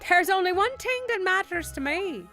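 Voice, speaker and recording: A woman's voice: extremely high pitch, expressive, normal speed, sharp tone, pitched above the performer's own voice, full character voice. A woman voicing a boastful middle-aged Irish tycoon in a hammy put-on Irish brogue, with faint game music behind. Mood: jovial boastful. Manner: hammy, jovial brogue with lilting rises.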